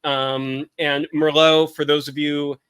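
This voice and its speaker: A man's voice: on the high side, level tone, takes it slowly, fairly bright tone, clean tone, dry recording, clean studio sound. A man hosting a podcast, chatting casually and eagerly piling up tasting notes. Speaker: podcast host. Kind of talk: casual wine tasting chat.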